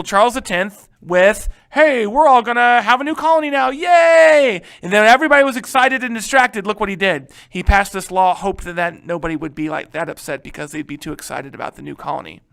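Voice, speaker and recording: A man teaching history in a casual recorded lecture. He talks in a chatty, animated way with slangy asides. His voice is high and bright. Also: vocal fry.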